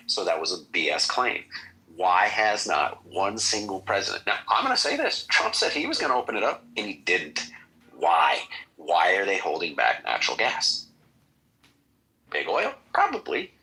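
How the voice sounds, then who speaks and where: A man's voice: sits low, wildly swooping pitch, moderate pace, sharp tone, breathy edge, rough recording. A man hosting a political talk show, bluntly firing off rhetorical questions. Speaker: host.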